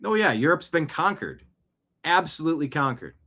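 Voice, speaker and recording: A man's voice: a little high, big pitch swings, moderate pace, sharp tone. Indignant male news commentator. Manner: indignant, rhetorical questions. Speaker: show host.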